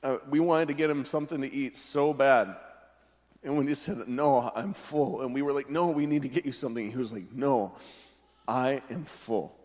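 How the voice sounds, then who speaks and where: A man pastor sharing a faith story in an earnest, heartfelt way, pausing to reflect. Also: mid-range voice, darkish tone, in a large hall. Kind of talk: telling a personal faith story.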